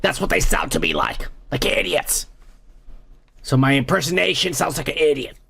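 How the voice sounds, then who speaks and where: A man's voice: on the high side, wildly swooping pitch, moderate pace, creaky, sharp tone, breathy edge. A man hosting a comedy podcast, ranting crudely about the news and raising toasts while drinking. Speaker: podcast host. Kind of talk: profane comedic news rant.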